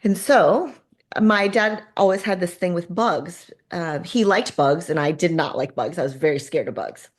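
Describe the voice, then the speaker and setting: A woman guest telling a personal story in conversation, animated and acting out the people in it. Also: fairly low pitch, moderate pace. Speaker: guest, artist.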